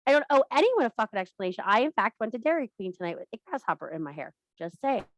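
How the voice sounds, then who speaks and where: A woman's voice: on the high side, sing-song, fast talker. Blunt, swearing middle-aged woman coach. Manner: blunt, profane, emphatic. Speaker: women's circle leader. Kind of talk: casual workshop talk. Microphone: video call.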